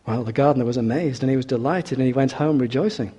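A man's voice: medium pitch, fast, mellow, breathy edge. A man preaching a sermon in an earnest way, with rhetorical questions and hesitant restarts. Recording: long hall reverb.

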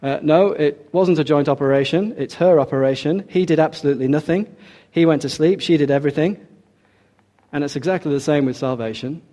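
A middle-aged man preaching a sermon, pressing each point home and coming back to it again. His voice sits a little high for a man, with a mellow, warm tone. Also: fairly quick. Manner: emphatic, repeats key points.

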